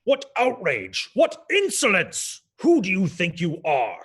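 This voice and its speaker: A man's voice: mid-range voice, animated, a little slow, fairly bright tone. Man putting on a pompous baron, haughty, commanding, indignant, tabletop game. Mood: outraged. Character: haughty cruel male noble baron.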